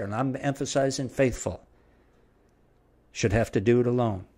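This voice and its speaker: A man's voice: medium pitch, normal speed, dark tone. A middle-aged man preaching a verse-by-verse Bible sermon with an emphatic, repetitive cadence.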